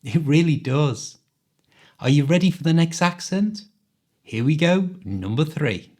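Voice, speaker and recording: A man with a mild Liverpool Scouse accent, hosting an accent quiz in a clear, teacherly way. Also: fairly high pitch, animated, unhurried, a little mellow. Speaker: podcast host, English teacher. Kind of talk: quiz host, scripted podcast.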